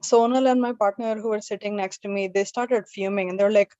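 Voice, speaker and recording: A woman's voice: medium pitch, fairly even intonation, fairly quick, warm tone, no echo, muffled recording. A woman hosting an open mic and doing stand-up, telling stories in a chatty, self-deprecating way. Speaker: open mic emcee and comedian.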